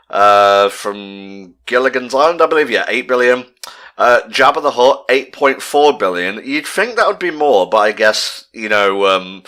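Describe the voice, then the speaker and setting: A young man co-hosts a relaxed movie commentary. His voice sits slightly low but sounds bright and forward. He rambles, leans on fillers and wanders off into lists. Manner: rambling, lots of fillers, reads out a list. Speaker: commentary co-host. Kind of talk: casual movie commentary chat.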